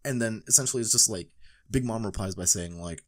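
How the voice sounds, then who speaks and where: A man's voice: fairly low pitch, fairly quick, no echo, studio quality. A man co-hosting a casual fan podcast, laid-back and rambling. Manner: laid-back, drawling, says like a lot. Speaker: podcast co-host.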